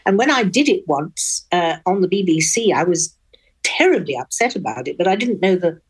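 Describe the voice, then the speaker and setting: An older Englishwoman with a posh Oxford accent, a guest in a radio interview, speaking frankly and wittily with crisp diction. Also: on the low side, lively intonation, moderate pace. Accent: upper-class English (Oxford). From England.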